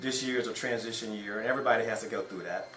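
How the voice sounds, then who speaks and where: A man's voice: on the low side, rapid-fire, fairly bright tone. A man, a basketball coach, giving brief, agreeable answers in a casual interview. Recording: echoey room.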